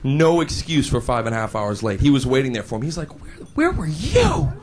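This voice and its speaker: A young man performing a stand-up comedy routine, animated and quick to slip into put-on voices for the characters in his stories. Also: mid-range voice. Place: stage before a live audience. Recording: live show with loud crowd laughter and noise.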